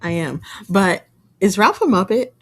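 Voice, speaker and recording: A woman's voice: medium pitch, animated, measured pace. A woman co-hosting a podcast in casual chat, playful and amused in her reactions. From United States. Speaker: podcast co-host.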